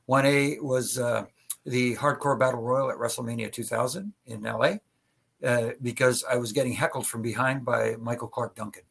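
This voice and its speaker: A middle-aged man who used to referee wrestling chats on a podcast, spinning anecdotes full of stammered restarts and laughter. His mid-range voice is slightly rough and a bit bright, with vocal fry, at a moderate pace.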